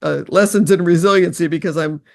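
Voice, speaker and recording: Older woman with a gravelly, earnest voice. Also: lowish voice, a little mellow. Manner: earnest, reflective, halting. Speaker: guest. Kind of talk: personal storytelling interview.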